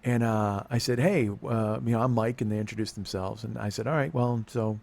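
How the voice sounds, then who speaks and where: Middle-aged man, rapid rambling monologue, heavy swearing, restarts constantly. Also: lowish voice, steady tone, gravelly, a little mellow. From California. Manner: rambling, profane, self-interrupting storytelling. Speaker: podcast host. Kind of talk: confessional monologue.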